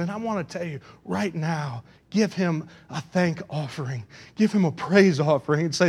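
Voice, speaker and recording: A man with a notably high voice preaches a sermon to his congregation. He climbs into loud, fervent outbursts, then sinks to a low, pleading hush, leaning hard on repeated lines. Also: normal speed, slightly rough. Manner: swings between loud passionate preaching and hushed pleading. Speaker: pastor. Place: church in front of a congregation.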